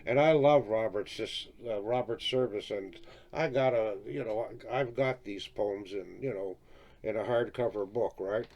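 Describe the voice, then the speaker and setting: A man's voice: on the low side, normal speed, a little mellow. Chatty man rambling about records. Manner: rambling, chatty, peppered with "eh?" and "right?", chuckles often. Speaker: record collector showing his albums. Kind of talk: casual video chat about vinyl records.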